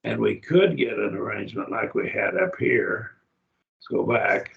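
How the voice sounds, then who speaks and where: Slow, gravelly man teaching Greek grammar. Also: lowish voice, expressive, phone-quality sound. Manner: slow, repeats words aloud to model pronunciation. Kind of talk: classroom lecture. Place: church classroom.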